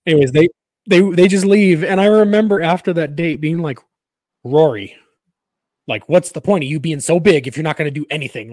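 A man's voice: a little high, lively intonation, a little fast, a little mellow, no echo. Rambling, laughing male podcast co-host. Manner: rambling storyteller, restarts often, laughs at himself. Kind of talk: casual chat.

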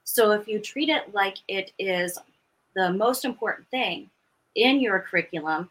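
A woman in her fifties, a veteran teacher and podcast guest, telling her story in an earnest, steady way. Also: medium pitch, measured pace, rough recording. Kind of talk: casual interview talk.

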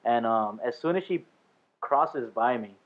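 A man's voice: mid-range voice, lively intonation, unhurried. A man co-hosting a podcast, telling crude stories in a laid-back casual chat. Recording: tinny lo-fi sound.

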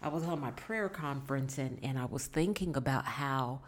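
A woman's voice: very deep voice, normal speed. A woman talking casually and earnestly to her viewers, giving life advice and repeating points for emphasis. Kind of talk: casual motivational talk.

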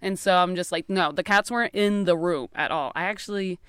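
A young woman telling a ghost story in casual chat, rambling and animated with lots of fillers, recorded in a small closet. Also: on the low side, a little fast, smooth, dry recording, studio quality.

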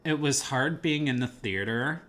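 A movie podcast co-host chats casually about a film he saw, enthusiastic, rambling, and laughing now and then. His mid-range voice is animated, a little slow, and pushed and bright.

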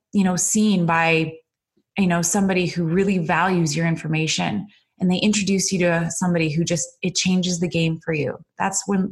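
A middle-aged woman hosting her own podcast, talking off the cuff in an earnest, emotional motivational monologue full of fillers and repeated "you guys". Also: on the low side. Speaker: podcast host and business coach. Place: indoors at a computer. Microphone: computer mic.

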